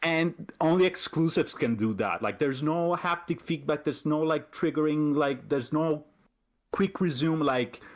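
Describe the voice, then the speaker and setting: A man's voice: on the high side, a little slow. A man who is a guest on a podcast, speaking in a teasing way that turns earnest and insistent when he argues a point. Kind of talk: casual podcast chat.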